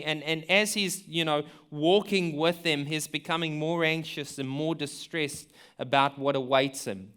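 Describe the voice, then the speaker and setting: A man's voice: on the high side, fairly even intonation, a little slow, a bit bright, clean tone. A man preaching a sermon in an earnest, conversational way, asking listeners questions and often repeating words as he thinks aloud. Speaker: pastor.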